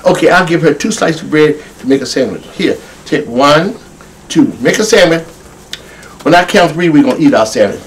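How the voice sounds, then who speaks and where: A man's voice: moderate pace, slight background noise, rough recording. A man working as a children's entertainer, telling a story and singing with kids in a playful, sing-song way. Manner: animated, sing-song, playful with big pitch jumps. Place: TV studio.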